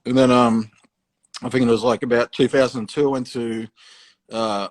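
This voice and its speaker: A man's voice: mid-range voice, little pitch movement, normal speed. An Australian man, a tattoo artist, telling stories in a casual, rambling way, full of swearing and fillers. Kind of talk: casual storytelling.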